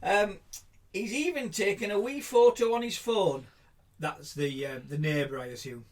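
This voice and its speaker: A man's voice: high voice, normal speed. A man co-hosting a casual podcast, reading a news story aloud with giggles and dry asides. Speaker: podcast co-host.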